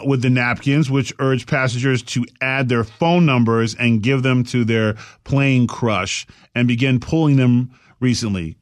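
A man's voice: mid-range voice, no room sound, clean studio sound. Sarcastic male talk show host. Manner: sarcastic, jumps into mock voices. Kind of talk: comic panel banter.

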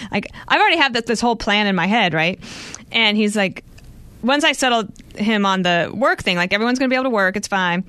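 Bright, chatty woman in her forties. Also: medium pitch, fairly quick, no echo. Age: 40s. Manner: chatty, animated storytelling with filler "like". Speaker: co-host. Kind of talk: casual chat.

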